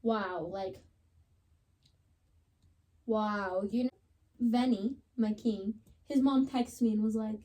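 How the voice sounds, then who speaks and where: Young woman telling a story, mellow voice. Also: mid-range voice, takes it slowly, pauses often. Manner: chatty, dramatic retelling, lots of "like". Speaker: podcast co-host. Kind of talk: casual chat, storytelling.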